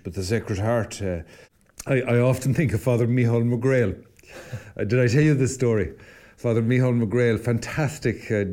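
A man's voice: on the low side, mellow. An Irish man, a priest co-hosting a podcast, telling stories in a reflective, conversational way with frequent restarts. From Ireland. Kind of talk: casual conversational podcast talk.

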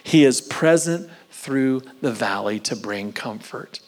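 A man preaching a sermon, moving between loud emphatic lines and soft whispered phrases, and drawing out key words slowly. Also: mid-range voice, expressive. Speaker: pastor.

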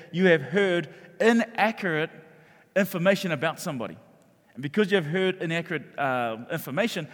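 New pastor preaching in a hall. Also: male voice, on the high side. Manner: animated storytelling that acts out quoted voices. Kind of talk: sermon. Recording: echoey hall reverb.

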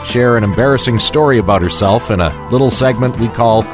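A man's voice: mid-range voice, brisk, music in the background. A man hosting a morning radio show, joking in a wry, self-deprecating way. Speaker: radio host.

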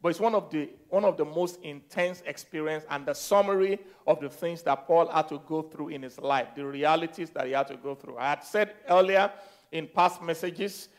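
A man preaching a sermon as pastor, repeating phrases, leading the congregation in declarations and swinging from soft teaching to loud exhortation. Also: on the high side. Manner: repeats phrases and leads call-and-response declarations.

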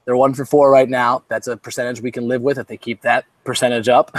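A man's voice: mid-range voice, level tone, a little fast, no room sound. A man co-hosting a casual sports podcast, rambling with many fillers and wry jokes. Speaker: podcast co-host.

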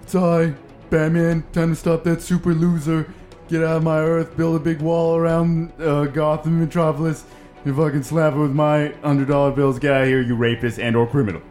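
A man's voice: fairly high pitch, level tone, moderate pace, a little mellow, soft background music, lightly acted. A man doing an over-the-top parody of a brash, boastful male superhero.

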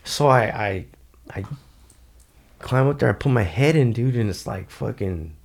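A man telling a story in a loose, profane, animated way as a podcast guest. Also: mid-range voice, unhurried, vocal fry, slightly rough. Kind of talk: casual storytelling.

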